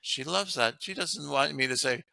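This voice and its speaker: Speaking at normal speed in a relaxed interview, a male guest author discusses relationships earnestly and laughs frequently while making his points. His voice is a little high, creaky, pushed, and bright, captured in a dry recording.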